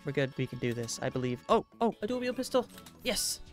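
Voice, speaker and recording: A man giving let's-play commentary, excitable, gasping and talking to himself as he plays. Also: mid-range voice, a little fast, faint music behind. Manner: excitable, gasps and talks to himself. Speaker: gaming YouTuber.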